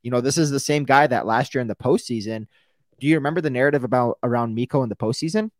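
A man with an American accent co-hosting a sports podcast in casual chat, rambling and animated, swearing freely. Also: mid-range voice, quick pace, no room sound, studio quality. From United States.

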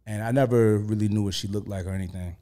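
A man's voice: lowish voice, fairly even intonation, fast, dark tone. A man as an interview guest, telling stories in a laid-back, profane way with lots of "you know" fillers. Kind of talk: casual storytelling.

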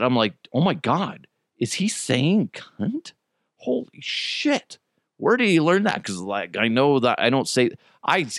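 Telling crude jokes and animated stories between hiccups, a middle-aged man hosts a casual solo podcast in a fairly low-pitched voice. The studio-quality recording has no room sound.

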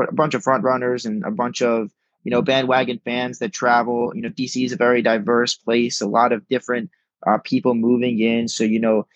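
On a relaxed sports podcast, a young man calls in remotely with a medium-pitched voice and no echo. He's emphatic, circling back on words as he thinks, and the call audio comes through dull and lo-fi.

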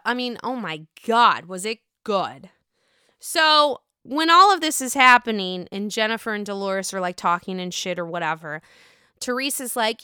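A woman's voice: mid-range voice, clear, resonant tone, no echo. Girl dishing on reality tv, bouncy up-and-down voice, dry close sound. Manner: animated, gossipy, heavy swearing. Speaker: reality TV recapper. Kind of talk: casual recap chat.

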